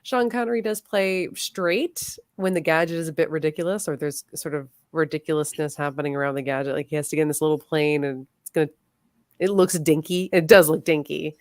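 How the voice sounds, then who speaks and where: Lively low-voiced woman, dry close sound. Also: fairly quick, no echo. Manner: lively, laughs often, trails off mid-thought. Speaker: podcast co-host. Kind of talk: casual movie discussion.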